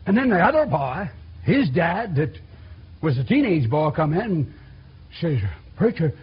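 A man preaching a sermon in a church, folksy and animated, acting out quotes with sudden loud outbursts. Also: a little high, unhurried, husky. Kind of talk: sermon with storytelling. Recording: dull lo-fi recording.

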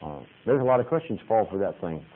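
A man's voice: fairly low pitch, very animated, fast. A man who is a Baptist preacher, giving a folksy, conversational sermon full of stories and punctuated with "amen". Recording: tinny phone-like radio broadcast.

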